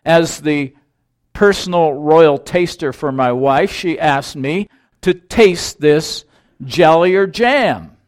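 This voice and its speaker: Measured male preacher, unhurried, slightly high voice. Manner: measured, deliberate, storytelling. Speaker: pastor. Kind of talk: sermon.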